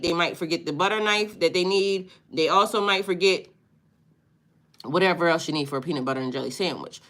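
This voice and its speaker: A woman's voice: lowish voice, fairly bright tone. A woman giving a casual, chatty live-stream tarot reading, laughing often and reading out viewer comments. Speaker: tarot reader.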